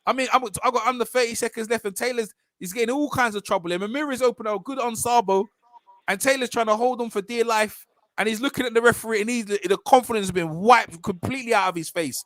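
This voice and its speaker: A man calling a boxing match live as it unfolds, his voice pitched high and his words tumbling out at speed. He chatters over his co-host in a slangy, animated style. The sound is dry and close, with no room around him. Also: fast talker, no room sound. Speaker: host of a live fight watch-along. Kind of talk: excited live fight commentary chat.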